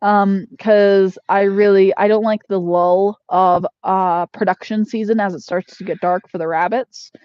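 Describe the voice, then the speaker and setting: A chatty woman telling animal stories in casual vlog style, heavy on fillers. Her voice sits at a middle pitch. The sound is dry and a little dull, like a lo-fi recording. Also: steady tone, a little slow, hardly any pauses, no room sound. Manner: chatty storyteller with many fillers. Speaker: homesteader vlogger. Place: inside a barn.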